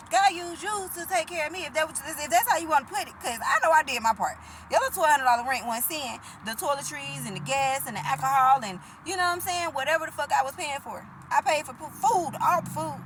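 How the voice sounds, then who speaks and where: A high-pitched woman, blunt and full of profanity as she preaches to the camera. Her emphatic, casual delivery comes through over steady background noise with vehicles passing. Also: rough recording. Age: 30s.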